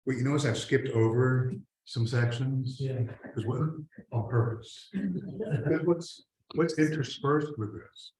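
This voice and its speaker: A man's voice: medium pitch, slow, darkish tone. A man teaching an adult Sunday school class in a church room, talking conversationally and reading scripture aloud. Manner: conversational, reads scripture aloud, trails off and restarts. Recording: echoey room, faint hiss.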